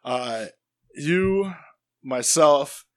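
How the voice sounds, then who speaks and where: A man's voice: a little high, animated, very slow. A man co-hosting a casual wrestling podcast from a couch, joking around and swearing freely. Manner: laid-back, swears a lot, joking. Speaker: podcast co-host. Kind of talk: casual chat. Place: living room couch.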